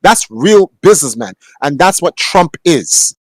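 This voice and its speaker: A man's voice: on the high side, very animated, measured pace, dry recording, low-quality recording. Young man ranting on a podcast, dry sound. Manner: blunt, profane, rising to heated outbursts. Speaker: podcast host. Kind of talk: casual ranting monologue. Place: home room.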